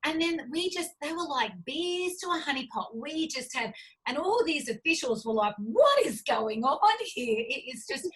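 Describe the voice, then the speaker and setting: A woman's voice: high-pitched, moderate pace, a bit bright, low-quality recording. A middle-aged Australian woman telling stories as an interview guest, effusive and full of "like" and "you know" fillers. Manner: effusive, gushing storyteller with many fillers. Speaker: guest, cookbook publisher. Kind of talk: casual interview talk.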